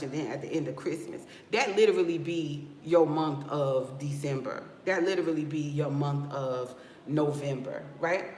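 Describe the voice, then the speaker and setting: A woman from Newark with a West Coast hip-hop inflected American accent, a loc stylist talking casually to her livestream viewers, sassy and animated. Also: low voice, slight background noise. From Newark, New Jersey. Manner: sassy, animated, addresses viewers with "y'all" and "okay?". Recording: roomy echo with faint background ambience.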